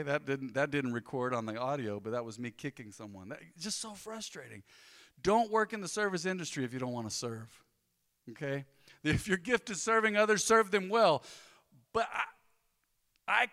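A fairly high-voiced man preaching a sermon, loose and joking as he tells stories to his congregation. His tone is bright and forceful, and his voice rings out with the long reverb of a hall. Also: normal speed. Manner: conversational, joking, animated storytelling. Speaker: pastor.

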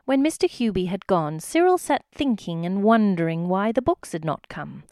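A woman's voice: mid-range voice, animated, moderate pace, a little mellow, dry recording, studio quality. A woman reading a children's story aloud expressively, speaking directly to the listener.

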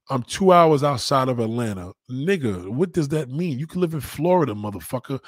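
A man hosting a live stream, reading viewer comments aloud and mocking them with loud, heavy-swearing swagger. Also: mid-range voice, animated, brisk, hardly any pauses, no echo, clean studio sound. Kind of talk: profane live chat reading.

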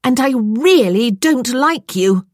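Headstrong young woman, sharp and impatient, higher and louder than the narration, read by a woman narrator, slightly husky, dry. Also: animated, slow, no room sound. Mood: exasperated. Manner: sharp, impatient scolding and loud calls.

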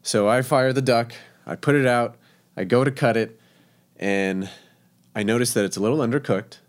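A man casually telling a story about working as a cook, animated and laughing often. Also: mid-range voice, moderate pace. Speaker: guest telling a kitchen story.

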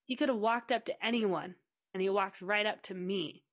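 A woman's voice: medium pitch, moderate pace, lo-fi sound, close to an everyday voice. Woman doing a hyped-up little penguin surfer kid, gushing away. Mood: starstruck. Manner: eager, starstruck. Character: excited young male penguin surfer fan.

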